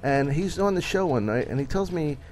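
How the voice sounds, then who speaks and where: A man's voice: fairly high pitch, lively intonation, brisk, darkish tone. A middle-aged man, a comedian guest on a radio show, telling stories with lots of laughter and stammering restarts. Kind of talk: radio interview storytelling. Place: radio studio.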